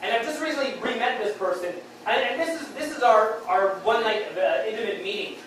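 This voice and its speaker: A man doing stand-up storytelling on stage, rambling and halting, with many fillers and restarts. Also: high voice, fairly bright tone. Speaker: stand-up comic. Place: beer hall comedy stage. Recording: very echoey hall, distant mic, faint noise.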